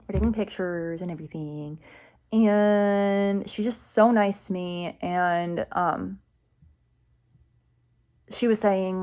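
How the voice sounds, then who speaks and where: A young woman tells a vlog story in a loose, rambling way. She stacks up fillers and chatty asides, and her voice sits at an ordinary middle pitch. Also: slow. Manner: excited, rambling, many fillers and "like"s, laughs often. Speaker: vlogger telling a fan story.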